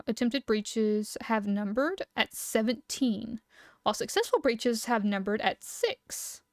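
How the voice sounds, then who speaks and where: A young woman streaming live, reading lore aloud and chatting with viewers, excitable and quick to laugh. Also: on the high side, no echo, clean studio sound. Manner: excitable, giggly, reacting loudly.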